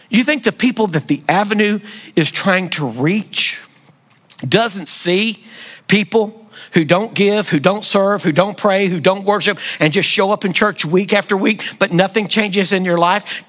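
Impassioned male pastor preaching a sermon. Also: high voice. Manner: impassioned preaching with rhetorical questions, rising to near-shouts. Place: church sanctuary.

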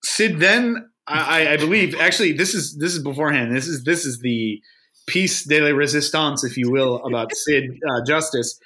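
A young man chatting on a podcast, bright in tone and pitched a little high. He tells stories with a lively, animated delivery and acts out what others said. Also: moderate pace. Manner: animated storyteller, quoting others in put-on voices. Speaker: podcast co-host. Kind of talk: casual chat.

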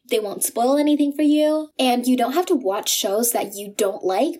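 A young woman hosting an advice podcast, talking quickly and casually with many fillers. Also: fairly high pitch, darkish tone. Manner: chatty, fast, many filler likes. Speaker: podcast host.

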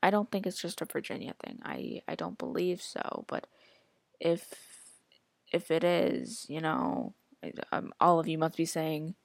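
A woman with a low, creaky voice speaks at an unhurried pace in a recording with no echo. She hosts a casual solo podcast, rambling and chatty, leaning heavily on "like" and reacting out loud to whatever she's scrolling through.

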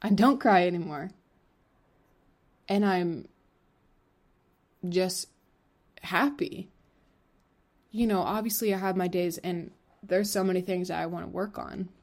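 With a fairly low, darkish voice, this woman in her 20s speaks a little slowly and pauses often. She hosts a solo podcast, talking frankly and rambling, with many fillers and swear words, in candid solo podcast talk.

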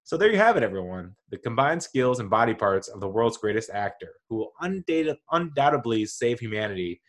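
Male podcast host, average pitch, casual, enthusiastic, rambling monologue with self-corrections. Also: very animated, a little fast. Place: home with dogs nearby.

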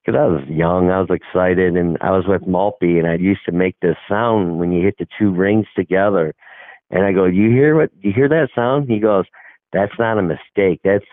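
A man's voice: low voice, no room sound. A middle-aged man, a hockey coach, telling a rambling story in casual talk and acting out the dialogue. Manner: rambling, acts out quoted dialogue. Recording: tinny phone-like line, dry.

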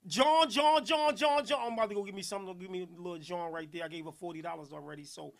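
A man hosting a podcast, talking loudly in slangy street banter and laughing often. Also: on the high side, flat delivery, racing, vocal fry. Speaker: podcast host.

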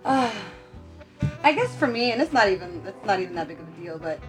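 A woman's voice: medium pitch, sing-song, brisk, soft background music. A woman on a podcast, chatting animatedly and acting out both sides of little arguments. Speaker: guest, wife of a co-host. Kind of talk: casual podcast chat.

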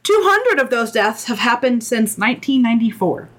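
A woman co-hosting a casual podcast, telling a story in a relaxed way, laughing easily and swearing in passing. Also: fairly high pitch, normal speed. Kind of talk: casual chat.

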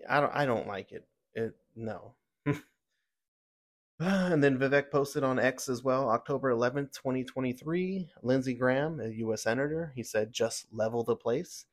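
Male podcast host, mid-pitched, heated opinionated news rant full of fillers. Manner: heated, ranting, with many fillers and restarts.

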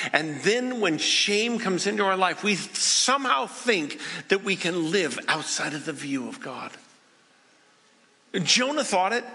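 High, bright-voiced pastor preaching in a hall. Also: male voice. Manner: conversational storytelling, acting out people's inner prayers. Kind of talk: sermon.

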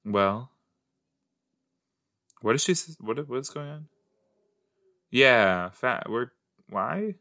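A man chats casually as a podcast host. He rambles playfully and mocks himself. His pitch moves a lot, and he takes his time. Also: expressive, drawn-out words, long pauses, sharp tone. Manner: playful, rambling, self-mocking. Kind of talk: casual rewatch commentary.

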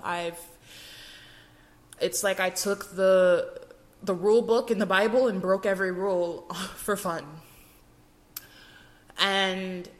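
A young woman hosting a podcast, telling her personal faith testimony in an earnest, emotional way with frequent restarts. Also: fairly low pitch. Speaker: podcast host.

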